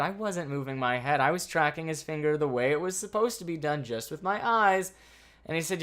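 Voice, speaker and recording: Male vlogger, animated anxious storyteller with crude language, bright tone. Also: on the high side, brisk. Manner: animated, swearing, anxious retelling. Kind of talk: casual storytime vlog.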